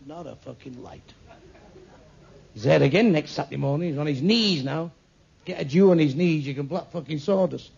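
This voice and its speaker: An older man, a stand-up comedian, telling crude jokes full of swearing with deadpan punchlines. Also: on the high side, moderate pace, creaky, husky. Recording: muffled lo-fi with faint hiss.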